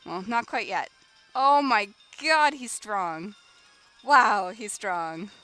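A young woman streaming a game live, chatting casually and bursting into excited shrieks, with music playing behind her. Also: mid-range voice, slow. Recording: background music under the voice.

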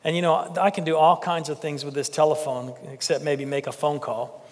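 A man preaching a sermon as pastor, animated and joking with the congregation. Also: fairly high pitch, brisk, big-room sound, a little hiss or hum. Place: church sanctuary.

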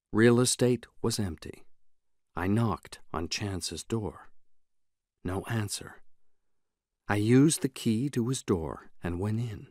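Male narrator, scripted audiobook reading, measured, unhurried, dry close sound. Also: medium pitch, dry recording.

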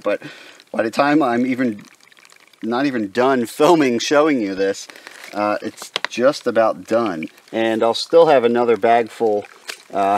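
A man vlogging from a forest campsite, casually explaining his gear and chatting to his dog. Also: medium pitch. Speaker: backpacking vlogger. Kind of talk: casual outdoor gear demo.

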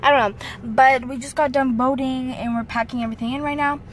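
A woman's voice: high voice, fairly even intonation, brisk, slight background noise, poor audio. A woman talking casually to camera for her vlog, loose and chatty, recorded on a phone or handheld camera. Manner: chatty, loose, full of "like" and "so yeah". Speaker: vlogger.

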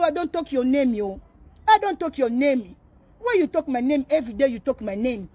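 A woman's voice: high voice, very animated, moderate pace, darkish tone, no room sound. A woman ranting to camera, pleading and repeating herself as she switches between languages. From Congo. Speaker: vlogger answering a rival. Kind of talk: emotional direct-to-camera rant.

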